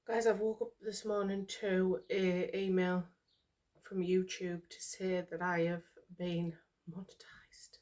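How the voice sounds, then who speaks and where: A middle-aged woman from the United Kingdom, her voice lowish, flat, a little slow and a little mellow, vlogs in a casual chat to camera. Overwhelmed after crying all morning, she is emotional, sighs, and repeats herself.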